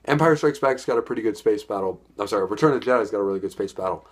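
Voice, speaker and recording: A man's voice: on the low side, lively intonation, very fast. Eager young man reviewing a film. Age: young adult. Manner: enthusiastic, rambling, repeats words. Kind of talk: casual spoken movie review.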